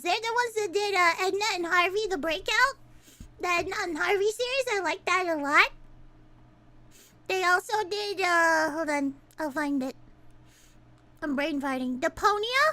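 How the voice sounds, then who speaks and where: A young woman streamer chatting casually, excitable and swearing, ranting and laughing a lot. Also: very high voice, moderate pace.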